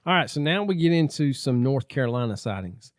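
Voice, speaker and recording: A man's voice: mid-range voice, animated, brisk, dry recording, clean studio sound. A man co-hosting a casual podcast, reading listener stories aloud with small stumbles. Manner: reads long passages with small stumbles. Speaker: podcast co-host.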